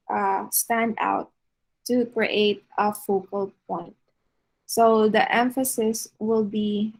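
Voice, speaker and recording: A woman giving an art lecture over slides, unhurried, with frequent fillers and restarts. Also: a little high, rough recording.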